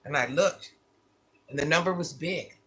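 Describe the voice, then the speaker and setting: A man's voice: fairly high pitch, moderate pace, a bit bright, slightly rough. A man vlogging, casually telling his viewers a personal story, candid and repeating phrases for emphasis.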